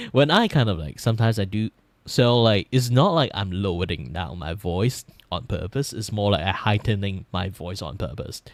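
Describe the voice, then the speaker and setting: Low-voiced Malaysian man chatting casually. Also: expressive, moderate pace, dry recording. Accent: Malaysian English. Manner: rambling, swears freely, laughs often. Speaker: vtuber streamer. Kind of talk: casual livestream chat while drawing.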